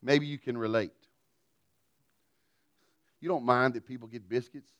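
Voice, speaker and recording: A middle-aged man, preaching a sermon through a folksy, self-deprecating personal story, swinging from loud to quiet. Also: medium pitch, steady tone, unhurried, dry recording. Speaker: pastor.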